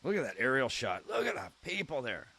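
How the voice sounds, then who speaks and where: A man's voice: mid-range voice, wildly swooping pitch, fairly quick, vocal fry, sharp tone, slightly rough. Chatty man streaming live. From Canada. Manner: chatty, friendly, joking with chat. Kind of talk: casual live-stream chat, reading viewer comments aloud.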